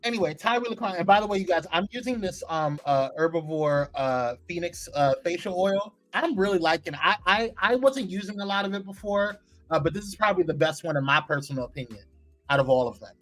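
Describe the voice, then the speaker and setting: A man's voice: sits high, a little fast, soft background music. A man hosting a live morning talk show, chatting casually and teasingly as he reads viewer comments and dishes gossip. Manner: animated, playful, teasing, chatty with frequent laughs.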